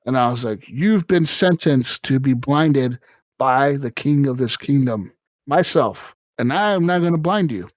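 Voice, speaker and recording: A man co-hosting a casual gaming podcast, telling stories in an animated, profane way with sudden jumps up in pitch. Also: measured pace, dry recording. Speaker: podcast co-host.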